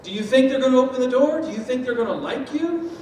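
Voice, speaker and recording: Heard at a distance in a large, echoey hall with faint ambience and slight background noise, a man with a high voice gives a lively, quick-paced talk on step parenting. He engages the audience with homely food comparisons and acted-out quotes.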